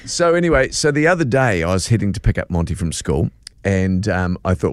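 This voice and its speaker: A man's voice: deep voice, brisk, no echo, studio quality, faint music behind. An older man, telling stories as a breakfast radio host. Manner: animated storyteller, laughs easily. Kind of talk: casual radio chat. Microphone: studio microphone.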